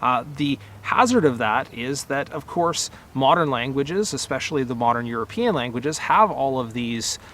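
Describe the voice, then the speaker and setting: Man, middle-aged, medium pitch, casual talk, conversational, outdoors, faint traffic noise. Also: normal speed, hardly any pauses. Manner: relaxed, conversational, with fillers and self-corrections. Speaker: rose nursery grower and channel host.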